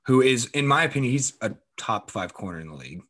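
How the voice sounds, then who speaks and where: A man co-hosting a casual sports podcast, animated and profane, teasing his friend, his voice jumping up when excited. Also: medium pitch, fast talker, husky. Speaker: podcast co-host.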